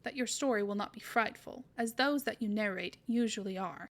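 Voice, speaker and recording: A woman playing a gentle, worried mother. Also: medium pitch, moderate pace, natural voice. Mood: earnest.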